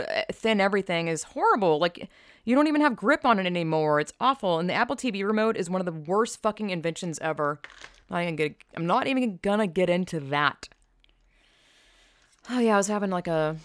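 A woman's voice: lowish voice, smooth, no room sound, clean studio sound. Frank, sweary woman in a casual monologue. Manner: frank, sweary, sarcastic, trails off mid-sentence.

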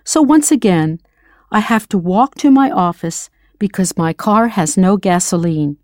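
An American woman teaches a scripted language lesson on audio, patiently and encouragingly prompting the listener to respond. Her middle-pitched voice is expressive, a little slow and a little mellow. The sound is close and dry, without any room around it.

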